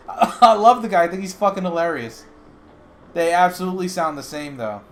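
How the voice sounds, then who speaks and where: A man's voice: high voice, sing-song, brisk, slight background noise. Joking, swearing male streamer. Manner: jokey, swearing, thinking aloud. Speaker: livestream host. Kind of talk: casual livestream chat.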